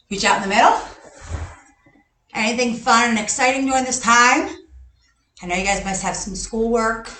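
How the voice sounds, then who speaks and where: A woman with a fairly bright voice on the high side coaches a live online gymnastics workout in a large gym. She counts reps cheerfully and chuckles between exercises, her voice echoey and off-mic since the camera sits a distance away.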